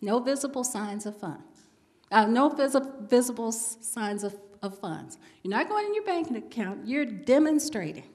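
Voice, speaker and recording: Animated woman minister, lively pitch. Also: normal speed. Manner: animated storytelling, laughing with the audience. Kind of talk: inspirational talk to a live congregation. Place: large hall with an audience. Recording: long hall reverb.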